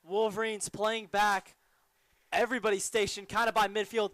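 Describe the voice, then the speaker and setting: A teenage male student doing play-by-play commentary for a school lacrosse broadcast, calling plays quickly and getting louder as the action builds. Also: sits high, flat delivery, dry recording. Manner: rapid play-by-play calls, rising when the action picks up.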